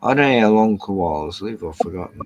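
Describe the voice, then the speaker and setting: A man's voice: low-pitched, expressive, fairly quick, lo-fi sound, slight background noise. A man hosting a late-night livestream chat, rambling, swearing and getting worked up as he talks. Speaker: livestream host.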